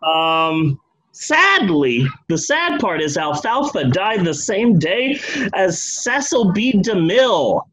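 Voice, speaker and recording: A man hosting a podcast, telling a story in a comic, profane way. His voice sits high and moves around a lot. He tosses in joking asides as he goes. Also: big pitch swings, takes it slowly, a bit bright, rough recording. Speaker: podcast host. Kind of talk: comedic true-story storytelling.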